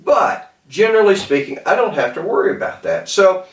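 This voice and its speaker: A man's voice: high voice, expressive, fairly quick. A man with a Southern accent giving a casual, rambling talk on self-improvement, in a folksy way with many restarts. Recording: echoey room, mic at a distance.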